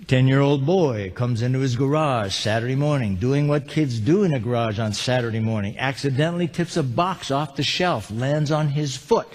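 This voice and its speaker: A man giving a live seminar talk, telling humorous stories and asking the audience questions. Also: a little high. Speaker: motivational speaker. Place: large lecture hall with live audience. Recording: long hall reverb.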